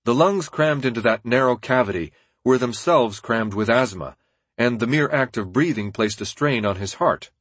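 A male narrator reads a nonfiction audiobook with a steady, measured delivery. His husky voice sits at an ordinary middle pitch. The sound is dry and close, with no trace of room echo.

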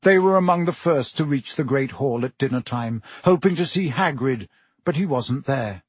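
A man reading a fantasy story aloud in an expressive audiobook style. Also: mid-range voice, moderate pace, slightly rough, no echo. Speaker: audiobook narrator.

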